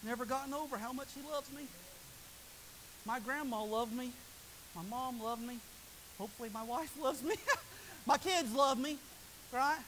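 High-voiced male preacher, soaring and hushed. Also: normal speed, long pauses, slight background noise, low-quality recording. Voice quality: high-pitched voice often taken for a woman's. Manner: swings from soaring high shouts to hushed low asides. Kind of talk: revival sermon.

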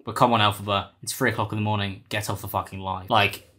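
A man's voice: fairly low pitch, level tone, fast talker, pushed and bright. A man giving blunt, exasperated commentary and swearing casually. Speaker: commentary YouTuber.

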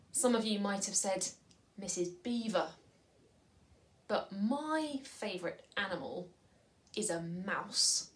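Woman leading a school assembly, gentle and measured, slow delivery. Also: mid-range voice, poor audio. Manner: slow, gentle and measured, often dropping to a soft whisper. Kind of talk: school assembly talk and storybook reading to children.

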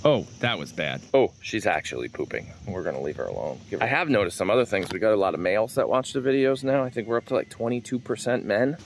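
A man's voice: on the low side, lively intonation, fast talker, creaky, few pauses, a little hiss or hum. A man vlogging outdoors on his farm, chatting casually to viewers while walking and calling after his dog. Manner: chatty, easygoing, calls out to a wandering dog. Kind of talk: casual rambling chat.

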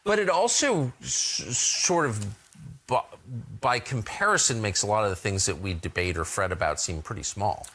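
A man's voice: lowish voice, expressive, moderate pace, fairly bright tone. A man interviewing a guest, mostly giving brief affirmations and asking probing follow-up questions. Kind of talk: conversational interview.

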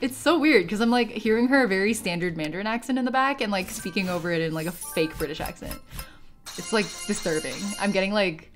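Woman gamer streaming, casual chatty commentary, excitable, mid-pitched voice, faint music behind. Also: fairly quick. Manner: chatty, excitable, sudden yelps and laughs. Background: faint game music.

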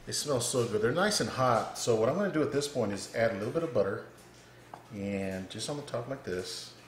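A man's voice: medium pitch, animated, brisk. A man hosting a casual cooking demo, chatting to viewers and calling them guys. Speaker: cooking channel host. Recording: echoey room with background noise.

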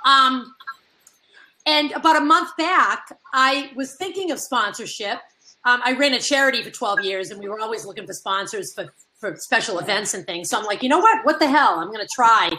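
A chatty woman talks on a video call with a high, bright voice. Her story comes out animated and casual, and her tone has a clear, forward edge. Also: moderate pace, slight background noise, rough recording. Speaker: guest caller.

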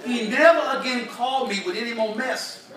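In a church sanctuary, an older man with a very high-pitched voice preaches at a moderate pace, spinning folksy, humorous stories in colloquial language. The recording is distant and echoey, with the congregation audible in the background.

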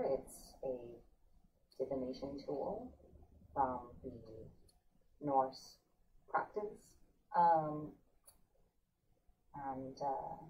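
A man's voice: a little high, distant mic, dull audio, slight background noise. A man co-hosting and explaining a rune reading in a hesitant way, with many ums and uhs. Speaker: co-host doing a rune reading. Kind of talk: casual explanation. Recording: voice heard from away from the mic.

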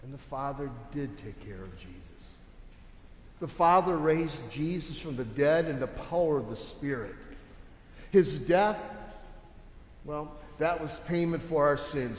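The pastor's voice is fairly high as he delivers an emphatic, conversational sermon peppered with rhetorical questions for the congregation. Slight background noise and the long reverb of an echoing church sanctuary color the audio.

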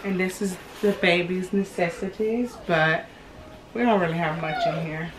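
Talking to her viewers at a moderate pace in a fairly low voice, this expectant mother in her thirties sounds a little out of breath and keeps calling them "y'all." She's vlogging casually from an echoey home room on a distant camera mic, with a little hiss or hum.

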